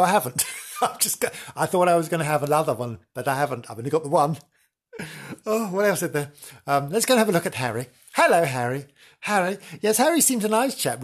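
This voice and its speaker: A man's voice: fairly high pitch, husky. A man voicing a fussy, nervous woman reporter who is easily spooked and giggles through a ghost walk, in a comic improvised radio-play report.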